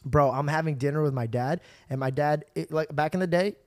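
A man hosting a podcast, telling long stories in a casual, animated way and acting out other people's lines. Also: fairly high pitch, fairly quick, dry recording, clean studio sound. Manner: animated, acts out quoted voices, swears freely. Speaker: podcast host. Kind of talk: casual storytelling chat.

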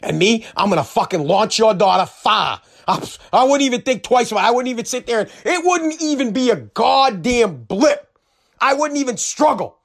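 A man's voice: extremely high pitch, animated, normal speed, creaky. An American man hosting a podcast, delivering a heated, profane, combative rant on his own. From United States. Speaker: podcast host.

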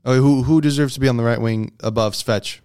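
A man's voice: mid-range voice, fairly even intonation, quick pace, a little mellow, clear, resonant tone. A man hosting a laid-back sports podcast, with a voice sitting right in the middle of the male range. He argues his picks, rattling off stats and checking in with "okay?" as he goes. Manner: argumentative, reads out stats with frequent "okay?" check-ins. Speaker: podcast host. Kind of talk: casual sports debate chat.

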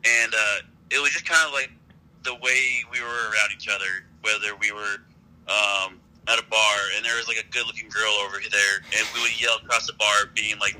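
A man's voice: fairly low pitch, steady tone, a little fast, pushed and bright, a little hiss or hum, rough recording. A man guesting on a podcast, telling stories in a laid-back, rambling way. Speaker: podcast guest, brand founder. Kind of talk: casual interview storytelling.

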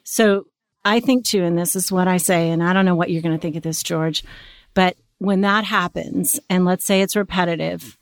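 A woman hosting and coaching, animated and stammering as she plays a wife in a role-play and gives advice. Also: on the low side, moderate pace, smooth, no room sound. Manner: stammering, animated, often restarting her words. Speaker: host and relationship coach.

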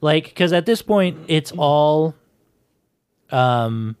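A man co-hosting a podcast, excitable in casual chat and sometimes searching for words. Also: a little high, very slow, clear, resonant tone, no echo, studio quality. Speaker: podcast co-host.

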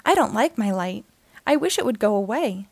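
A woman's voice: medium pitch, sing-song, normal speed, vocal fry, no echo. A woman voicing a shy, unhappy young female firefly who talks in a defensive, sulky way in a storybook reading. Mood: sad.

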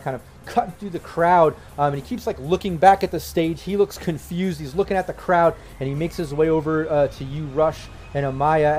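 A man's voice: a little high, darkish tone, a little hiss or hum. A man running a tabletop game as game master, narrating loosely with lots of fillers.

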